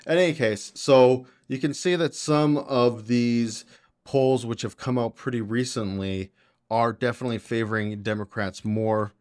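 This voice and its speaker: A man's voice: medium pitch, fairly even intonation, measured pace, darkish tone, no echo, clean studio sound. A man hosting a podcast, giving casual, blunt and opinionated political commentary. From Canada. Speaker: podcast host.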